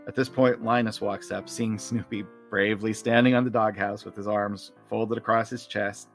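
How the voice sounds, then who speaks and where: A man co-hosting a podcast, chatting casually, laughing often and describing comic strips out loud. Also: fairly low pitch, normal speed, faint music behind. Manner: laughs often, animated when reading. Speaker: podcast co-host. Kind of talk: casual chat, reading comic strips aloud.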